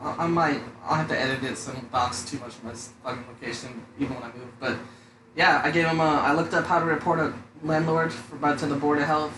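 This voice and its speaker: Young guy rambling and cussing, says dude a lot, kinda high voice, echoey room. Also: steady tone, fast talker. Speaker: podcast co-host. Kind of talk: casual profane chat. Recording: echoey room with faint noise.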